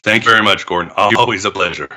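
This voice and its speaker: A man's voice: on the low side, fast talker. A man as a podcast guest, talking in an expansive storytelling way and laughing often. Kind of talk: conversational interview.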